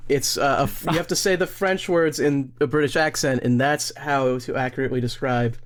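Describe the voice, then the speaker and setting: A man's voice: mid-range voice, fairly even intonation, brisk, few pauses. A man co-hosting a comedy podcast about musicals, trading dry, sarcastic banter. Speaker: podcast co-host. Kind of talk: comedic casual chat.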